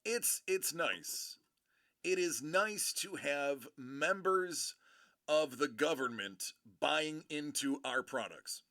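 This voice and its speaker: A man hosting a livestream, giving excitable, playful commentary as he opens trading card packs into a streaming mic. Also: fairly high pitch, slow, no room sound, clean studio sound. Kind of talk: live card-break commentary.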